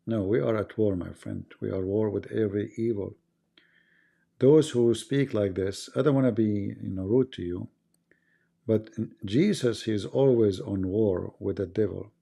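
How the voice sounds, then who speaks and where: Gravelly argumentative man on a livestream. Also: fairly low pitch, moderate pace, warm tone. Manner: argumentative, asks rhetorical questions, non-native grammar. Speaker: livestream host. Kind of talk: casual livestream monologue.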